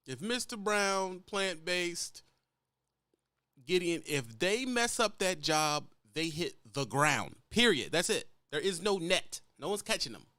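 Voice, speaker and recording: Trucker guy ranting at young drivers, bouncy pitch, blunt and cussing. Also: animated, slow, sharp tone, dry recording. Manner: blunt, lecturing, profane. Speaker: truck driver giving advice. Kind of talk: casual ranting vlog.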